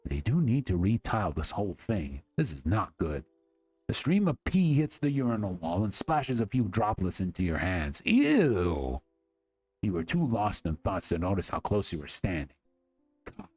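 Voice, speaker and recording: A man's voice: fairly low pitch, lively intonation, normal speed, a little mellow, breathy edge, no room sound, soft background music. A man streaming, reading a text game aloud dramatically with casual asides.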